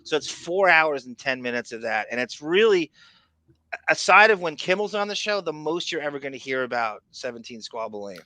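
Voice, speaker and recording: A man's voice: on the high side, fairly quick, no echo. A man co-hosting a podcast in a casual, rambling chat, often cutting himself off mid-thought. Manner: excitable, rambling, self-interrupting. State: raspy. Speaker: podcast co-host.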